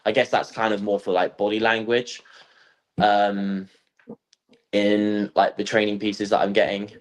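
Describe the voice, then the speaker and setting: Young guy, lowish voice, rambly fun storytelling, lots of um and like. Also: a little slow, poor audio. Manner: animated storytelling, acts out quotes; lots of fillers like um and like. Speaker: guest athlete. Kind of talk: casual podcast chat.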